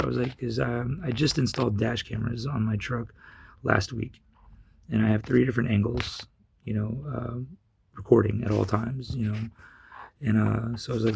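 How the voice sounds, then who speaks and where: A man with a gravelly, husky voice, telling a personal story in a rambling way with many fillers and restarts. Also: lowish voice, steady tone, moderate pace, darkish tone, slight background noise. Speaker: vlogger. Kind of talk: casual storytelling.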